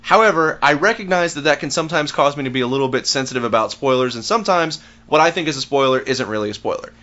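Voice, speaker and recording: Bright-voiced man ranting about movies. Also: medium pitch, expressive, fast. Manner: ranting, swearing, blunt. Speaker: podcast co-host. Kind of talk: casual movie review chat. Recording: dull lo-fi recording.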